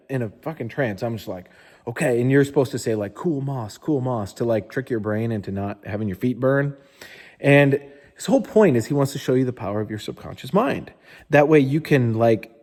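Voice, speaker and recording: A man's voice: medium pitch, a little mellow, big-room sound. A man in a casual motivational storytelling style, candid and informal, who swears often and says "like" a lot. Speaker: motivational speaker.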